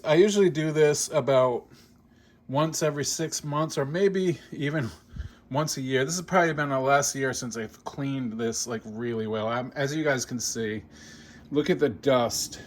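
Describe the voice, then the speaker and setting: A man's voice: medium pitch, a little slow, slight background noise. A middle-aged man talking casually to his viewers in a rambling home vlog, filmed with a handheld camera. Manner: chatty, rambling, addresses viewers as "you guys". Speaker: gaming YouTuber. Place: indoors at home, then outdoors in wind. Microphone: handheld camera mic.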